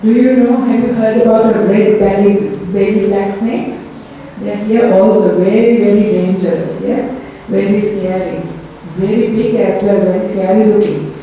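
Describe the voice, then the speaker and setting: A woman teaching children at a Dhamma school, telling a story gently and asking them lots of questions. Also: mid-range voice, steady tone, recorded from a distance, slight background noise. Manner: slow, gentle, asks the children many questions. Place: temple hall. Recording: echoey hall, voice from afar.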